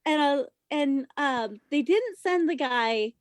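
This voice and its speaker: High-voiced woman telling a wild story. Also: takes it slowly, dry recording. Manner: animated, profane, loud when quoting herself. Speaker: podcast guest, former stripper. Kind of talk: casual storytelling.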